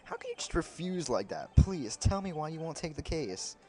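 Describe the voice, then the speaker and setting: A man's voice: on the high side, sing-song, moderate pace, darkish tone, soft background music, pitched above the performer's own voice. A man voicing a young male defense attorney in a flustered, earnest way, close to his own voice.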